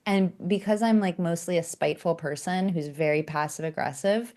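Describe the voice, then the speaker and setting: A woman, an author and coach, telling candid stories as a podcast guest, animated and self-mocking, with sarcastic asides. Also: lowish voice, normal speed, hardly any pauses. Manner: acts out quoted dialogue in character voices. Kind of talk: candid conversational storytelling.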